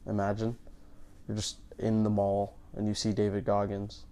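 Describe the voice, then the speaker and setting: A man's voice: lowish voice, monotone, normal speed, mellow. A man comedian in casual podcast chat, rambling through riffs with frequent stammers and restarts.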